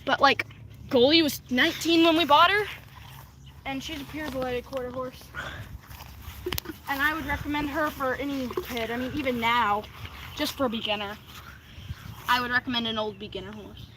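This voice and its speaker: A woman's voice: high-pitched, fairly even intonation, normal speed, long pauses, sharp tone, slight background noise. A woman with a Kentucky accent chatting casually about horses on a livestream outdoors at a horse farm, full of "like" and "I mean". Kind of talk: casual live-stream chat.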